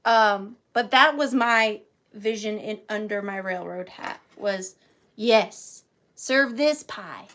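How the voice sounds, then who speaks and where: A woman's voice: mid-range voice, slow pace, pushed and bright. A woman running a live vintage auction, chatting playfully and counting down bids. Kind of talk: casual live sale chat.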